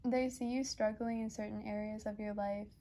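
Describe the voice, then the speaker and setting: Chatty young woman, mellow voice. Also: mid-range voice, level tone, moderate pace. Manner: chatty, rambling with many fillers and restarts; emotional, gushing. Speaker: tarot reader. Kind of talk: casual pick-a-card reading.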